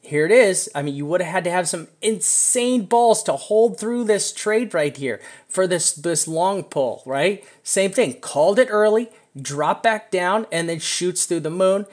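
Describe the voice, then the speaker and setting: A middle-aged man with a slightly high voice hosts a live stream and talks viewers through trading charts. He rambles, gets excited and laughs often. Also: a little slow, few pauses. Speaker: crypto chart analyst host.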